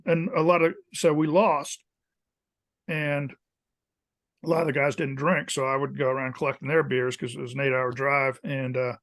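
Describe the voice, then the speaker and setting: A man in his fifties with a slightly raised voice tells old football stories in an easy, chatty way. He slips into the voices of the coaches he quotes. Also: on the high side. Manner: animated storyteller who acts out quoted coaches. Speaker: podcast guest, former college kicker. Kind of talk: casual storytelling interview.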